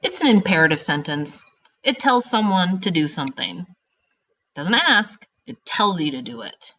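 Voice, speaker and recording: A woman teaching a grammar lesson to children. She talks in an upbeat, animated way and stretches out her example sentences for effect. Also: fairly low pitch, a little slow.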